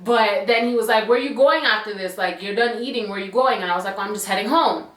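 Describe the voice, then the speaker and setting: A young woman telling a personal story to her channel in a chatty, animated way full of slang and asides. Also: mid-range voice, brisk. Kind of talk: casual storytime. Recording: echoey room.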